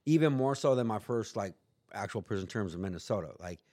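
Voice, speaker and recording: A man's voice: fairly low pitch, expressive, a little fast, dark tone. A man telling a story in casual chat, rambling and profane, acting out quotes in put-on voices. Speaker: guest.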